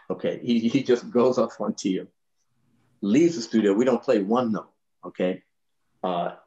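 Man, 60s, bassist raconteur, low voice, relaxed storyteller, muffled recording. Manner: relaxed, laughing, lots of "you know". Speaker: bass player telling stories. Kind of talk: anecdotal storytelling in a panel.

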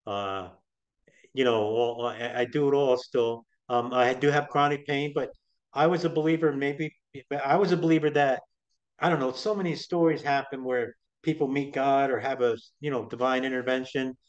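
A middle-aged man guesting on an interview, telling his story in a chatty, rambling way with lots of restarts. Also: medium pitch. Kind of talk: casual storytelling. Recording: dull lo-fi sound.

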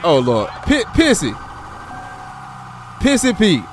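A male streamer with a high, bouncy voice that swings all over as he reacts. He plays a highway patrol officer in a game and chats loosely with his audience. Faint game noise hums behind him. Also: slow. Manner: animated, exclaiming, talks to chat and game characters. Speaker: streamer role-playing a state trooper. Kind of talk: casual live-stream gameplay chat.

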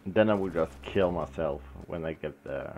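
A man's voice: low-pitched, normal speed, a little mellow. A man streaming a shooter game, chatting casually and whooping when he scores kills. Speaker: gaming streamer. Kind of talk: casual gameplay commentary. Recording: game music and gunfire behind.

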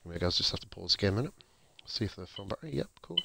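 A man commentating casually on his own football video game, excitable, swearing now and then, and chatting to viewers. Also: low-pitched, very fast, creaky, slight background noise. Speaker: gaming YouTuber.

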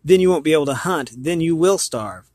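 Starving male mountain lion, sly and pleading, storybook voice, man reading it aloud, slightly high, dry sound. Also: expressive, fairly quick, a little mellow, no echo. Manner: read aloud with stumbles and repeats.

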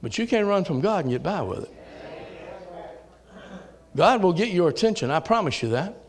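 A man with a Southern US accent preaching a sermon in a church, folksy, dropping to low asides and rising to shouted calls. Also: very animated, normal speed. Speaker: pastor. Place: church sanctuary.

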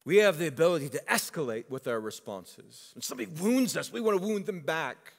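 A man preaches in a relaxed, conversational way, and his voice sits a bit higher than most. He slips into animated storytelling and acts out what people said. A long hall reverb trails each phrase. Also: a little fast, gravelly. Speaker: pastor. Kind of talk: sermon.

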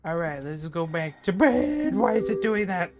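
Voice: mid-range voice, sing-song, moderate pace, a little mellow, dull audio, faint music behind. A gaming channel host talking through a horror game playthrough, chattering nervously and breaking into panicked yelps.

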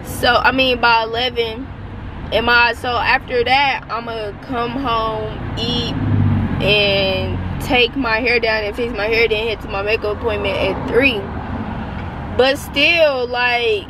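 A woman's voice: fairly high pitch, fairly even intonation, slow pace, background noise. A young woman vlogging from her car, frustrated and tearful, swearing and rambling as she talks. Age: young adult. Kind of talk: casual vlog rant. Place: parked car by roadside.

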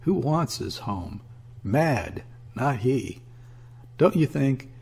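Here is a man doing a boisterous young sailor from an audiobook, a swaggering, loud-talking fellow. His voice is low and gravelly with a husky edge, and he turns scornful and loud when he is crossed. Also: measured pace, full character voice. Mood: raging. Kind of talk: audiobook character reading.

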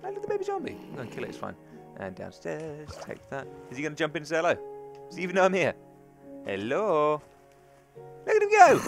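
Excitable man narrating his gameplay. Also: fairly high pitch. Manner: excitable, chatty, thinks aloud and talks to viewers. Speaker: let's play gaming host. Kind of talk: gameplay commentary.

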